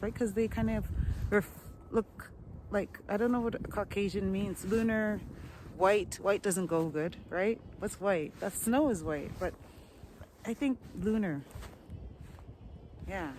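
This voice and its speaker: A woman's voice: medium pitch, slight background noise, poor audio. A woman, talking in a rambling, chatty vlog monologue outdoors. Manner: warm, chatty, rambling with restarts. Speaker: vlogger.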